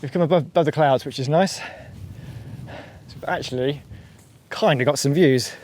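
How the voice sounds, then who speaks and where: A man's voice: a little high, normal speed, a little mellow, slight background noise. A man vlogging casually while out hiking, talking through the route and his gear with a joking, thinking-aloud manner. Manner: chatty, jokey, thinks aloud while walking. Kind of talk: casual outdoor vlog chat. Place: windy hillside outdoors.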